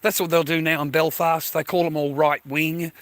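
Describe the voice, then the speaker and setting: An Australian man rambles through a casual vlog as he walks through a neighbourhood outside. His voice is on the high side for a man and sounds bright and sharp. He keeps up a crude, chatty flow, full of "mate" and "you know.". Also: level tone, normal speed, no echo. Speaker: vlogger. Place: outdoors, walking through a neighbourhood.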